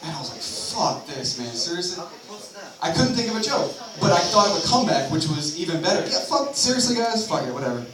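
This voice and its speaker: A man's voice: sits high, sing-song, quick pace, hardly any pauses, over a noisy crowd. A young man performing a rambling, profane stand-up set at a bar open mic, full of self-mocking asides. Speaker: stand-up comedian. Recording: echoey bar from a far camera.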